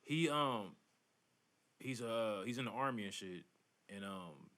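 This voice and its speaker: Low-voiced man rambling on a podcast. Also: lively intonation, a little slow, fairly bright tone. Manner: rambling, lots of fillers. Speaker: podcast co-host. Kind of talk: casual chat.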